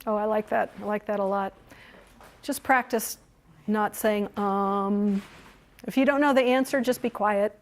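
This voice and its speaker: A woman leading a training workshop for museum guides, lively and encouraging, who laughs often as she teaches. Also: mid-range voice, unhurried.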